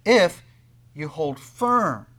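Male preacher, a touch high-voiced, dynamic sermon delivery that acts out the people he quotes. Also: sing-song, drawn-out words. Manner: swings between loud emphasis and quiet asides; acts out quoted speakers in conversational tones. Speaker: pastor.

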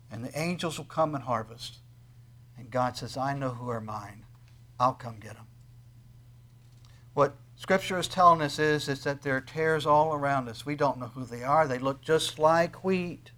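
A middle-aged male pastor preaching a sermon, building to loud, soaring emphasis on scripture readings and then dropping back to a quiet, personal tone. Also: medium pitch.

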